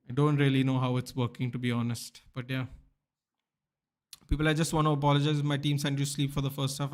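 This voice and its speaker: A young man chatting casually on a live football watchalong, bantering and answering viewers by name. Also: medium pitch. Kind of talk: casual live-stream chat reading viewer comments.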